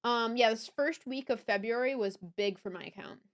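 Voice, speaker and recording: Chatty young woman streamer, smooth voice. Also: a little high, moderate pace. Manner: chatty, rambling, swears and laughs often. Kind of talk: casual livestream chat.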